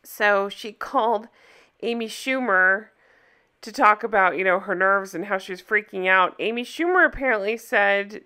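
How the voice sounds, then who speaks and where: Bright-voiced sarcastic woman reacting. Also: mid-range voice, normal speed, clear, resonant tone. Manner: sarcastic, incredulous. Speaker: reaction video host. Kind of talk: casual commentary.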